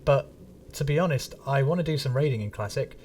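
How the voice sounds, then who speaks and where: A man's voice: medium pitch, animated, a little fast, darkish tone, a little hiss or hum. Chatty English man streaming, distant mic. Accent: neutral English. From England. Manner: rambling, chatty, casually swearing. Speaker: game streamer. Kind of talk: casual gaming stream chat.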